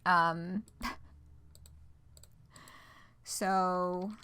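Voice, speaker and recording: A woman's voice: lowish voice, flat delivery, very slow, pushed and bright, clear, resonant tone. A woman streamer reading a fan project announcement aloud, breaking off for playful, dry asides.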